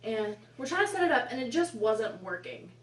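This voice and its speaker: Young woman vlogger, chatty and rambling, slightly high voice, echoey room, mic a bit far off. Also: big pitch swings, normal speed. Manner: chatty, rambling, exasperated asides. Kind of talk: casual storytime.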